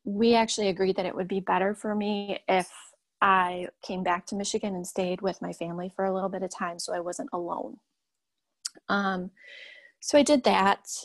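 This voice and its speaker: A young woman, a mother, telling her own story in a halting, candid way with many pauses. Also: mid-range voice, flat delivery, no room sound. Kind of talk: personal testimony.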